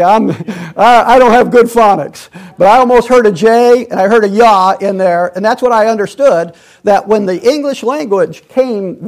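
High-voiced man teaching a Bible study. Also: darkish tone. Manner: digressive, many restarts and fillers. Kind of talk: rambling Bible study talk.

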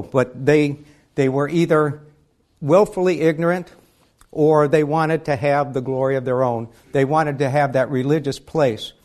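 A man's voice: medium pitch, darkish tone. A man preaching a sermon, reading scripture aloud and putting questions to his listeners. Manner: reads scripture aloud in King James wording, then asks the listeners questions.

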